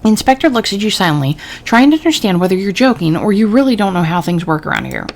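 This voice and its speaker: This let's-play gamer is a woman speaking at a medium pitch and a fast pace as she reads a story game's narration aloud in an easygoing way. Steady noise runs through the recording.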